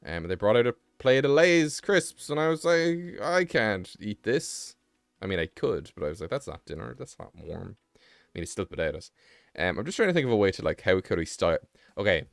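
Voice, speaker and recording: A man's voice: lowish voice, sing-song, a little fast, clear, resonant tone, no echo. A young British man streaming live, chatting casually and rambling with self-mocking asides while he draws. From Britain.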